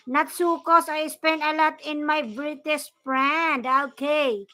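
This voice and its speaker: A woman from the Philippines with a Filipino accent, hosting a casual livestream, mixing English and Tagalog as she reads viewer comments and gives shout-outs. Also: high-pitched, fairly even intonation, slow pace, hardly any pauses. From Bicol, Philippines. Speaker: livestream host.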